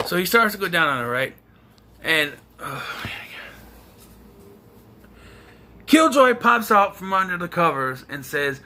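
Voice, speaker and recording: A young man hosts a casual movie review, sounding fed up and sarcastic as he picks the plot apart. His voice sits a little high and has a sharp, tense brightness, and his pitch swings widely. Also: big pitch swings, a little slow, long pauses. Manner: exasperated, sarcastic ranting.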